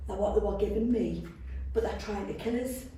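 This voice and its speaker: A woman playing a delirious, paranoid hospital patient who shouts for help and threatens staff. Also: medium pitch, a little fast, slight background noise. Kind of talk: medical simulation role-play. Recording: echoey ward room, distant mic.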